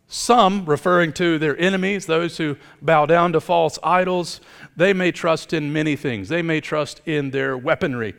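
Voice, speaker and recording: A middle-aged man preaching a sermon as pastor, swinging from emphatic rises down to quiet, low appeals. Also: measured pace, creaky. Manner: emphatic preaching, building up and then dropping low. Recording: long hall reverb.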